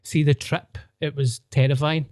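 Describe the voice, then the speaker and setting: Recorded cleanly in a studio with no echo, a Scottish host tells crude, lively stories on his podcast and laughs a lot. His voice is a little high and his pace moderate.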